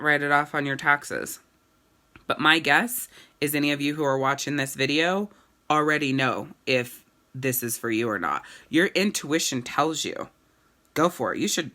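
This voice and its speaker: Bright-voiced, gushing woman talking candidly. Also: sits low. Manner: candid, gushing, swears casually. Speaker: boutique owner and sales consultant. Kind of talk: casual live video talk to followers.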